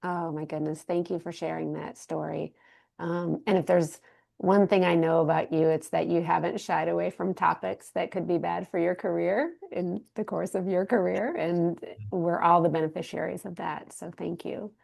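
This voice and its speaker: A woman's voice: on the low side, fairly even intonation, moderate pace, gravelly, darkish tone. A woman, a professor, hosting an interview and responding with appreciation before asking questions.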